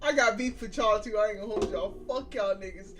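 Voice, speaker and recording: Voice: medium pitch, fairly quick, distant mic, over loud music. A streamer reading a story game aloud, breaking off into casual, profane, joking reactions. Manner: casual, profane, joking asides between read lines. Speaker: gaming streamer.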